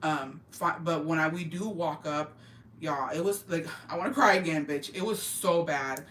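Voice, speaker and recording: A deep-voiced woman vlogger tells her viewers a gossip story at a moderate pace, her fairly bright tone loose, profane and emphatic, with Spanish phrases slipped into her English. She sits far from the mic in a roomy, echoing space over a faint hum of ambient noise.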